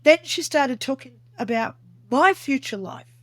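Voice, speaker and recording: A woman's voice: sits high, animated, unhurried, a bit bright, dry recording. A woman guest on an interview podcast, earnestly recounting a personal experience in vivid detail. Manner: earnest, vivid storytelling that acts out remembered dialogue.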